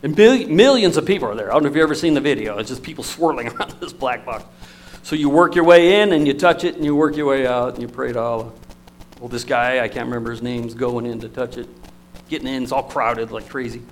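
A man preaching a sermon, telling stories in an emotional, storytelling manner with lively swings in loudness. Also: mid-range voice, fast, slight background noise, low-quality recording.

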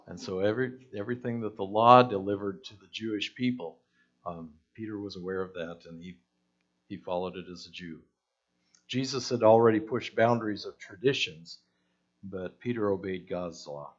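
A man's voice: lowish voice, moderate pace, lo-fi sound. A man preaching a conversational sermon, asking the listeners questions and acting out the voices in the story.

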